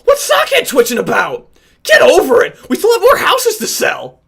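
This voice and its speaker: A man doing a shouting bossy cartoon boy, Eddy. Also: wildly swooping pitch, normal speed, gravelly, heavily acted. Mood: brash. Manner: shouty, high and brash.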